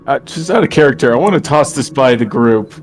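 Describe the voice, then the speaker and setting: A man's voice: medium pitch, lively intonation, fairly quick. A man playing a tabletop roleplaying game, speaking casually and hesitantly out of character. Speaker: player.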